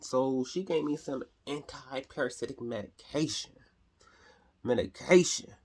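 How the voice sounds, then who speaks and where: Slow-talking chatty woman vlogger. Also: a bass voice, breathy edge. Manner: chatty and expressive, calls viewers honey. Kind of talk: casual chat to camera.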